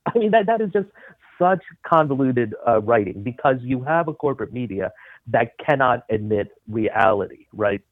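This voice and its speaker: A man's voice: mid-range voice, expressive, normal speed, dry recording. Emphatic man on a tinny phone line. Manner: emphatic, scornful, many uh fillers. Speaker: political commentator guest. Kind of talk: phone-in radio interview.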